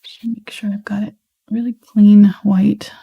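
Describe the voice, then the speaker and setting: A woman with a light Southern US accent, teaching a live painting tutorial in a relaxed, chatty way while she paints. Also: mid-range voice, measured pace, creaky, slightly rough, phone-quality sound. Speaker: painting instructor.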